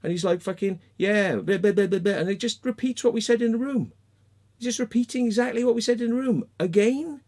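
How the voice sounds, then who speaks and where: A man's voice: very high voice, fast talker, warm tone. A man with an English accent, ranting heatedly in a sweary monologue and tagging his points with "yeah?" and "right?". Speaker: video blogger.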